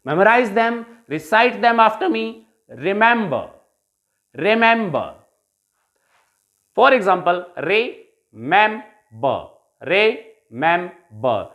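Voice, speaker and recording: A woman with an Indian accent teaching English syllables in a classroom-style lesson. She drills words slowly and repeats them for learners to copy. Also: medium pitch, big pitch swings, muffled recording.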